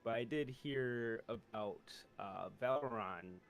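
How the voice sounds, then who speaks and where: A man speaks as a player in a tabletop game, casual and a little wheedling as he angles for a reward. His voice sits at an ordinary male pitch. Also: takes it slowly, a little hiss or hum. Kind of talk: casual in-character bargaining.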